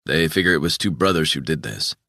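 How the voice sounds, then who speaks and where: A man voicing a calm investigator who speaks tersely and levelly. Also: rumbling low, a little fast, no echo, studio quality, exaggerated voice.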